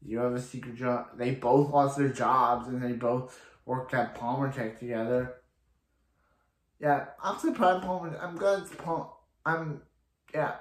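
A man's voice: mid-range voice, unhurried, roomy sound. Rambling man recapping a TV episode. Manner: rambling, many fillers and restarts. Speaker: TV episode reviewer. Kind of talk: casual recap and commentary.

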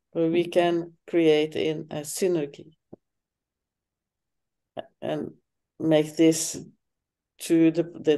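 A woman guest speaking in a slow, thoughtful, halting way during a spiritual conversation. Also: low-pitched, warm tone. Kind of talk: reflective conversation.

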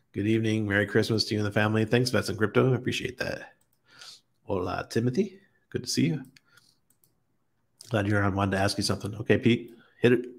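A man hosting a casual livestream, chatting easily with viewers and chuckling often as he reads their comments. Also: fairly low pitch. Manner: relaxed, chuckles often, greets chat viewers by name. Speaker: crypto livestream host. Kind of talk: casual live-stream chat reading viewer comments.

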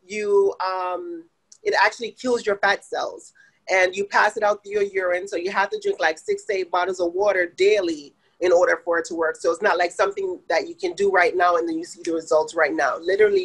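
A woman from Jamaica with a light Jamaican accent, a podcast guest who explains her spa services in a relaxed way with many fillers. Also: mid-range voice, slightly rough, rough recording. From Saint Andrew, Jamaica. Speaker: guest, med spa owner. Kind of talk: casual interview answers.

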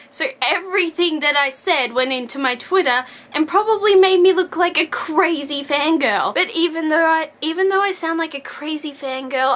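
A young woman with a high, light voice chatters into her camera at home. She rambles and gushes, then laughs at herself, in a casual fan vlog. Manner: rambling and excitable, jumps between gushing and self-mocking. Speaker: vlogger.

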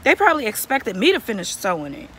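A woman's voice: fairly high pitch, wildly swooping pitch, fast talker, bright, forceful tone, slight background noise. A young woman vlogger ranting casually to camera, exasperated and profane, repeating herself for emphasis. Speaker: beauty vlogger reviewing a wig.

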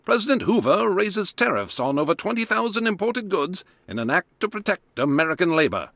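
A man's voice: high-pitched, very animated, fairly quick, fairly bright tone, dry recording, heavily acted. A man voicing a formal 1930s news announcer reading headlines in a game. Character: 1930s male newsreader, formal. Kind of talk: period newspaper reading.

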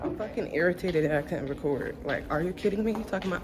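A woman's voice: lowish voice, fast talker. A young woman vlogging blunt and exasperated. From Philadelphia area. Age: young adult. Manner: blunt, exasperated, cursing freely. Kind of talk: casual vlog talk. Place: car and school building.

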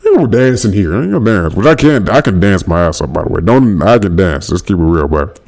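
Male streamer, lower pitch, playful and loose, reacting to chat. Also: very animated, a little fast, creaky, a little mellow. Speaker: livestream host. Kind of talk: casual livestream chat reading comments.

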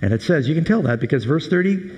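Animated, high-voiced preacher in an echoey hall. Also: male voice, fast talker. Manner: animated, humorous storytelling. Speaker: pastor. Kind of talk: sermon.

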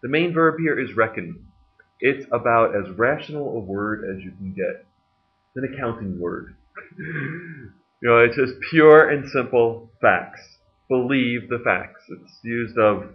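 A man delivers a sermon in an easy, talkative manner, with wry asides and bursts of laughter along the way. His voice sits at an ordinary middle pitch. The recording is somewhat muffled and lo-fi. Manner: conversational preaching with jokes and laughs. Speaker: pastor.

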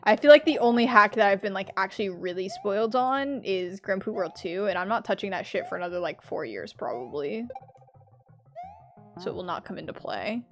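A woman streaming a platform game, chatting with her viewers, laughing a lot and yelling loudly when she fails. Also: medium pitch, animated, fairly quick, soft background music. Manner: chatty, laughs often, bursts into loud yells at failures. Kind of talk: casual live-stream commentary.

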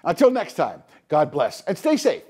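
Middle-aged canadian guy ranting on his podcast, fed up and lively, voice jumping up and down a lot. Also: fairly high pitch, normal speed, breathy edge. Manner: exasperated, scolding, animated. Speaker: podcast host. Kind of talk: opinion commentary monologue.

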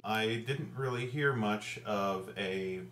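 Casual vlogger: a hesitant man with a Central Ohio accent and a bright edge, recorded on a computer mic in a roomy room. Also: fairly low pitch, takes it slowly, faint music behind. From Ohio, USA. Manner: hesitant, rambling, many fillers. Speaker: video blogger. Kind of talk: casual rambling vlog. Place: room at home in front of computer.

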